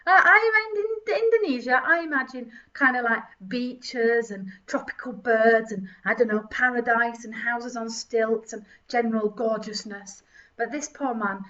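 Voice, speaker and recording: A woman's voice: on the high side, a little slow, pushed and bright. A woman giving mocking, giggly comedic commentary with theatrical asides. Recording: distant mic, dull lo-fi sound.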